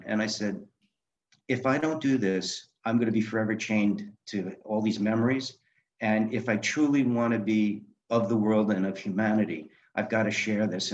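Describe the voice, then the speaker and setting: Older man, low voice, animated podcast storyteller; muffled lo-fi recording. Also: brisk. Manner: animated anecdotes, acting out quoted dialogue. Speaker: guest, author and film director. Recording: dull lo-fi sound.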